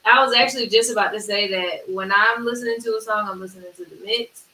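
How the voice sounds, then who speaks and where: A woman, a music producer, chatting casually in an interview, agreeable and quick to chime in. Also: medium pitch, pushed and bright. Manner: agreeable, talks in quick bursts, many "yeah"s. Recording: roomy, distant mic with faint hiss.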